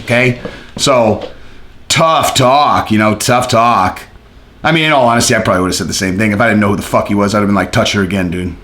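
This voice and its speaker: A man's voice: mid-range voice, a bit bright, reverberant. A man hosting a casual commentary video, talking bluntly and profanely with lots of fillers and restarts. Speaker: commentary host.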